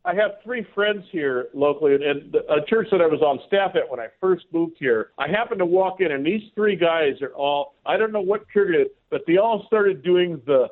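A man's voice: on the high side, lively intonation, normal speed, hardly any pauses. A man calling in as a guest on a radio talk show, chatting casually, laughing often and repeating words as he goes. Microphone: phone call. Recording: tinny phone line.

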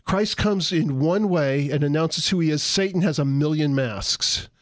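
The co-host of a Christian radio show, a man from San Diego, California, gives casual Bible teaching full of folksy humor and occasional acted-out voices. His voice is on the high side and a little slow, and the studio-quality recording has no room sound.

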